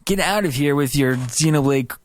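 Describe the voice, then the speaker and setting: A man's voice: on the high side, moderate pace, dry recording. Teasing man co-host, dry sound. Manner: teasing, skeptical interjections. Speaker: podcast co-host. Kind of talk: casual chat.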